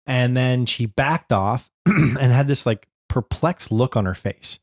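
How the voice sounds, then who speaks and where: A man in his thirties, a podcast co-host, chatting casually and acting out quotes in an animated storytelling way. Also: mid-range voice, takes it slowly. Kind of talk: casual chat.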